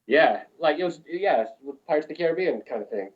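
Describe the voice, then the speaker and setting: A man's voice: a little high, animated, fairly quick, highs cut off, a crowd in the background. A man from New Mexico who works on film crews, telling profane, rambling anecdotes in a casual interview. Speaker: film crew lighting technician, guest.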